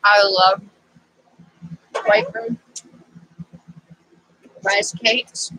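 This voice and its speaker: A woman's voice: medium pitch, steady tone, extremely slow, bright, forceful tone, breathy edge, low-quality recording. A woman vlogging casually to camera as she works on a craft project, rambling and easily sidetracked.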